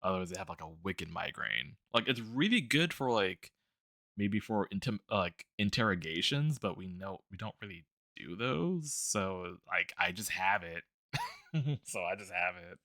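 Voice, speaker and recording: A man's voice: low-pitched, lively intonation, normal speed, sharp tone, no room sound, clean studio sound. A man streaming while drawing, chatting casually about a tabletop game character, rambling with lots of fillers, restarts and laughs.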